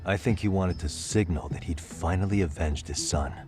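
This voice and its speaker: A man voicing a calm, persistent detective who presses a witness with steady questions. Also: deep voice, moderate pace, music in the background, natural voice. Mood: pressing. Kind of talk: game voice acting.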